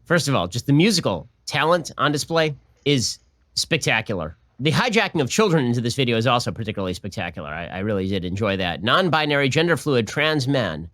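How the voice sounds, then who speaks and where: A man's voice: mid-range voice, animated, fast talker, fairly bright tone, no echo, clean studio sound. A young man hosting a political talk show, delivering sarcastic, mocking commentary.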